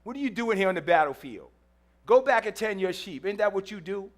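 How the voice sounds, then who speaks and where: A man's voice: high-pitched, expressive, fairly quick. A man preaching in a church, voicing scornful older brothers who mock their shepherd brother.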